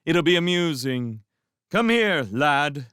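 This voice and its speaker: Man playing a smug young magician, sneering and sharp, higher and lively, storybook reading. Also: clean tone, no echo, clean studio sound, heavily acted. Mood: mocking. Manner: mocking, quick, sharp-edged.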